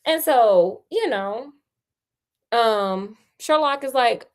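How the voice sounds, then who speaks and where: A woman's voice: a little high, animated, slow, a little hiss or hum. A woman casually retelling a detective story in a chatty, slangy, playful way.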